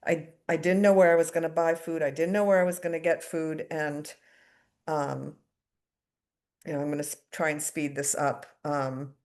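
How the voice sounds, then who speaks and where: A woman's voice: low voice, level tone, moderate pace, a little mellow. A middle-aged woman from the United States giving a candid, self-deprecating personal recovery share at a twelve-step meeting, with fillers and wry asides.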